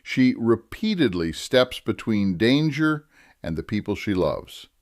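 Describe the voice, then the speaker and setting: Measured man with a lively, low voice. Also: dry recording, clean studio sound. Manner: measured, deliberate delivery with slow emphasis on key phrases. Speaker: writing teacher. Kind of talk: scripted instructional narration.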